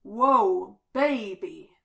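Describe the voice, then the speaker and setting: A woman's voice: medium pitch, animated, extremely slow, vocal fry, sharp tone, full character voice. Johnny Bravo, a woman doing a swaggering hunk. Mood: flirty. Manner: swaggering, flirtatious. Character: cocky, smooth-talking blond man.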